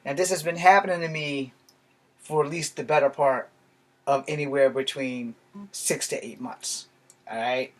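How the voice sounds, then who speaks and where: A man from Virginia rants to his viewers in a loose, rambling monologue. He is blunt and swears freely, and his voice sits at an ordinary middle pitch for a man. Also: fairly even intonation, normal speed. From Virginia, USA. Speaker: vlogger. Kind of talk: casual ranting monologue.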